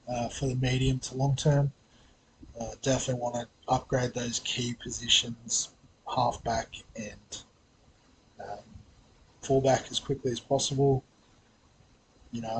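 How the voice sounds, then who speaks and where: A man's voice: mid-range voice, slight background noise, low-quality recording. A man with an Australian accent hosting a fantasy sports vlog, talking casually with lots of hesitations, fillers and restarts. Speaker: fantasy sports channel host.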